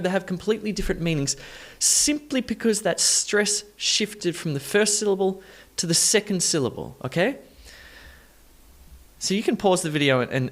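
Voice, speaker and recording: A man teaching an online English pronunciation lesson, saying practice sentences slowly and repeating stressed words to the learner in an encouraging way. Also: high voice. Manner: encouraging, talks straight to the learner.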